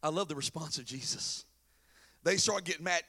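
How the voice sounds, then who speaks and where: A pastor delivers a sermon in an animated, storytelling way, slipping into casual slang voices for the people in the story. His voice sits very high for a man and has a gravelly edge. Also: normal speed.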